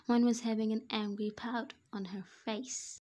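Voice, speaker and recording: A woman's voice: on the high side, little pitch movement, a little slow, a little mellow. A woman narrating an amateur fan fiction voice-over, reading evenly with small slips.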